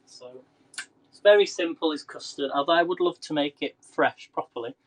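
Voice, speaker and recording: A man's voice: fairly high pitch, normal speed, low-quality recording. Chatty man cooking live. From England. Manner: chatty, laughs often, chats with viewers by name. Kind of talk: casual live-stream cooking chat. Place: home kitchen.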